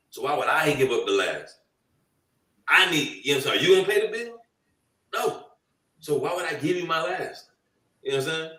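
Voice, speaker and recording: A young man with a medium-pitched voice co-hosts a casual podcast group chat, animatedly telling slangy stories and acting out quotes. He's recorded from a distance, so the sound is roomy and off-mic.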